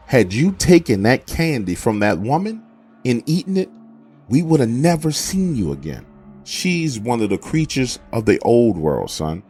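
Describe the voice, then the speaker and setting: A man voicing his stern but loving father, gruff when scolding and soft when comforting. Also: lowish voice, pitched below the performer's own voice, heavily acted. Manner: gruff and scolding, then gentle.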